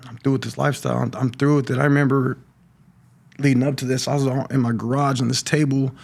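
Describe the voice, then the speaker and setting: A middle-aged man giving a personal testimony on a podcast, talking in a halting way with many restarts and repeated words. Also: medium pitch, flat delivery, creaky, darkish tone, breathy edge. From California. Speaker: podcast guest sharing recovery story. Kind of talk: personal testimony, casual talk.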